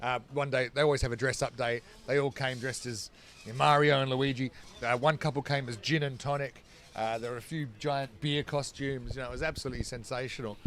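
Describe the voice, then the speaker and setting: A man's voice: medium pitch, fairly even intonation, a little fast, fairly bright tone. A man from Australia commentating live cricket, chatting between balls and breaking off to call the play. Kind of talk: live sports commentary and chat.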